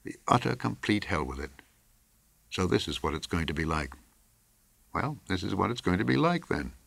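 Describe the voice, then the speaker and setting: A man voicing a gruff, hard-bitten safari hunter, speaking in a clipped, curt way. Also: low-pitched, big pitch swings, moderate pace, fairly bright tone, dry recording, heavily acted. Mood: scornful. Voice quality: throaty. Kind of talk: audiobook character reading.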